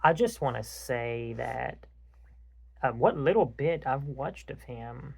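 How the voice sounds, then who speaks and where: A man with a gravelly, mid-pitched voice talks in a loose, rambling way. He tells an animated story to a friend and swears freely. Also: slow pace. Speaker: podcast host. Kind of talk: casual chat.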